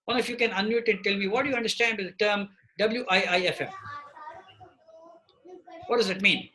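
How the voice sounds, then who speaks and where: A man's voice: high-pitched, steady tone, brisk, sharp tone, slight background noise, low-quality recording. A man leading a live online training session over a video call, often checking in with "okay?" as he teaches. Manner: repeats "okay?" to check in with participants. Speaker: presentation trainer. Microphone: computer mic on a video call.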